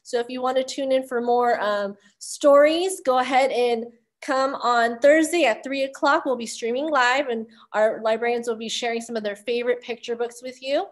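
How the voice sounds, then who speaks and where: A woman, a children's librarian, closing a storytime with bright, encouraging talk aimed at young kids. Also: a little high, steady tone, moderate pace.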